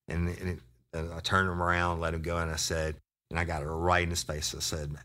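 Man, low pitch, forceful tone, profane storyteller. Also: quick pace. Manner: profane, animated, emphatic. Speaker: podcast host, former sheriff's deputy.

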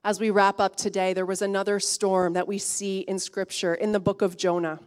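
A woman pastor preaching a sermon, swinging from hushed, intimate lines to emphatic, rising ones. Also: mid-range voice, flat delivery, normal speed.

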